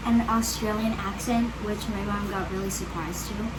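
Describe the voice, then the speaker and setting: A woman's voice: medium pitch, fairly even intonation, normal speed, noisy background. A young woman's voice chiming in eagerly during a home chat. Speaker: vlogger's daughter. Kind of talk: casual chat.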